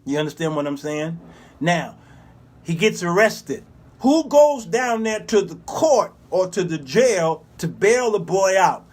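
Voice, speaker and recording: A man in his fifties with a high-pitched voice for a man, hosting his own talk show. He tells stories in an animated, preacherly manner, dropping into the voices of the people he describes. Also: measured pace. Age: 50s. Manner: preacherly, animated, acts out characters. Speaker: show host. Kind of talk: commentary monologue with storytelling.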